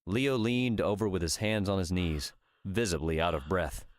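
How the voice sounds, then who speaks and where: Deep voiced guy reading an audiobook, steady narration. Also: moderate pace, no room sound, clean studio sound. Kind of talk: scripted narration.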